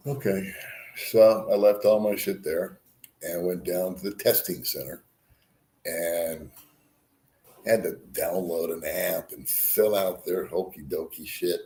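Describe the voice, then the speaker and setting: A man's voice: deep voice, dark tone, echoey room. An older man vlogging, telling a rambling travel story, swearing freely and chuckling at himself. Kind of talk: casual storytelling.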